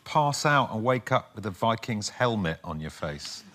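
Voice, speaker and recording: A man, an actor guest, telling an animated anecdote on a comedy panel show. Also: fairly low pitch, moderate pace, a little hiss or hum.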